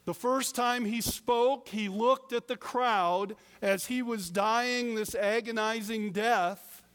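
A man preaching a sermon as pastor, deliberate with emphatic pauses. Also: very high voice, fairly bright tone, clear, resonant tone, long reverb tail.

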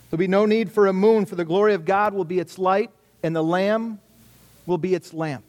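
A middle-aged man delivers a sermon in a relaxed, conversational tone. His voice sits a little high for a man. He leans on rhetorical questions and repetition to drive his points home. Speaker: pastor.

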